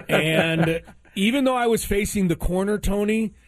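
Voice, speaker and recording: A man's voice: sits high, dry recording. A man telling a story in casual chat, acting out the dialogue with exasperation. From Southern California.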